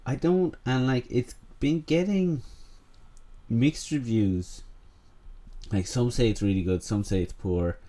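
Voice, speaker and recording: A man's voice: medium pitch, takes it slowly, mellow. A young man co-hosting a podcast in casual chat, laid-back and hesitant, with many ums and likes. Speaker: podcast co-host.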